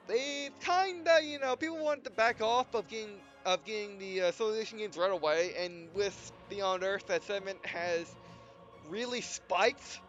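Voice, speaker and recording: A man's voice: high-pitched, a bit bright. Breathless rambling young gamer guy. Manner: rambling, halting, restarts often. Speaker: let's play host. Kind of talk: casual gameplay commentary. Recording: dull lo-fi mic with faint game music.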